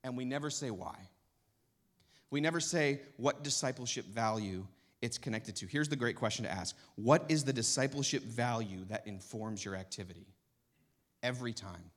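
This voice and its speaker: An emphatic man giving a teaching talk to church leaders. His voice sits at an ordinary pitch and keeps building toward urgent intensity. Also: normal speed.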